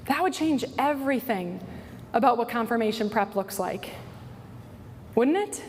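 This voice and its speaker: Lively high-voiced woman speaker in a hall. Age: 40s. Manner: animated storytelling, tag questions like "right?". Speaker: workshop speaker. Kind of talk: conference talk to church staff. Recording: hall reverb, faint noise.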